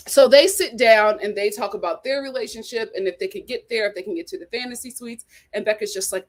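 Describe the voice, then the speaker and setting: A woman's voice: fairly high pitch, fast talker, few pauses. A woman hosting a live reality TV review, talking in a sassy, dramatic way and laughing often. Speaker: reality TV review show host. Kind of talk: animated live review chat.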